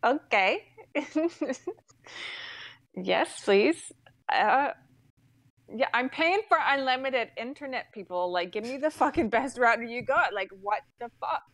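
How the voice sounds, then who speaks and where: An exasperated woman rants through a comedic story, swearing freely and breaking into laughs mid-sentence. Her voice sits a little high, and the sound is close and dry with no room around it. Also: animated, a little slow, a bit bright, dry recording.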